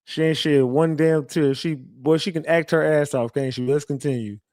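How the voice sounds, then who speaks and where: Guy doing live commentary, loud teasing, calls out chat, high-ish voice, dry sound. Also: steady tone, moderate pace, dry recording. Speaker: livestream commentator.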